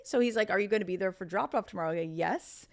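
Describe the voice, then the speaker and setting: Her medium-pitched voice is creaky, and she talks at a racing speed. She's in her thirties, a podcast guest who tells stories casually, staying chatty and animated and using lots of fillers.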